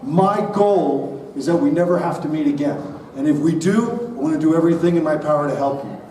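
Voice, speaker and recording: High-voiced man, energetic speaker in roomy hall. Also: brisk, far from the mic, a little hiss or hum. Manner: energetic, leads the audience in call-and-response. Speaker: keynote speaker at a school parent night. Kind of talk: motivational talk to parents. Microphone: body-worn mic.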